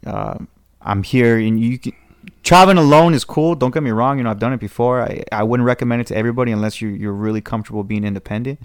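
Fast-talking and smooth, with a medium-pitched voice, a young Southern Californian podcast guest loosely narrates a long tale in casual chat. He doubles back and performs the other characters' lines, in a studio-quality recording with no room sound.

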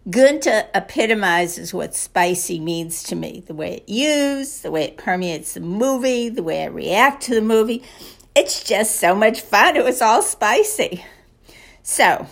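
A woman's voice: mid-range voice, a bit bright. A woman coach talking casually and enthusiastically, retelling a favorite story with a motivational message.

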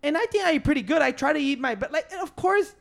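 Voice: high voice, animated, quick pace, vocal fry, fairly bright tone. A speaker in casual chat with a blunt way of talking and a lot of swearing.

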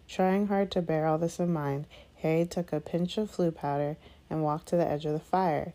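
Woman narrating a storybook, low voice, mellow tone, steady measured reading. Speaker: audiobook reader. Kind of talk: scripted narration.

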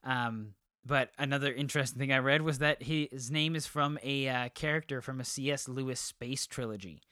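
A man's voice: mid-range voice, moderate pace, sharp tone, no room sound, studio quality. A man co-hosting a movie podcast, chatting casually with many ums and restarts. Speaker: podcast co-host. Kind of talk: casual chat.

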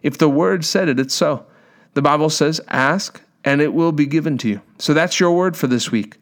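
A man preaching a sermon, telling a healing story with lively quoted voices and reading scripture aloud. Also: fairly high pitch, normal speed.

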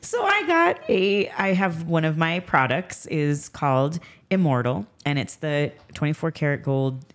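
A low-pitched woman hosts a casual podcast chat. She tells stories with energy, acting out what people said and laughing often. Her voice sits deep for a woman. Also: unhurried, few pauses, a little hiss or hum. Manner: animated, acts out quoted dialogue, laughs often. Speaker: podcast host and skincare business owner.

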